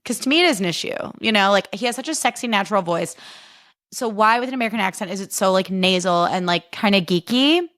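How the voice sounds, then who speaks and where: A young woman hosting a casual solo podcast, chatty and animated, poking fun at herself. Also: mid-range voice, quick pace. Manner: chatty, animated, self-deprecating, jumps into funny voices. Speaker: podcast host.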